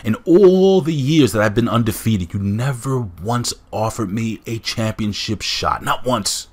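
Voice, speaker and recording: A man quoting an aggrieved giant male wrestler in a measured voice, without attempting his accent. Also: on the low side, expressive, husky. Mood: stern.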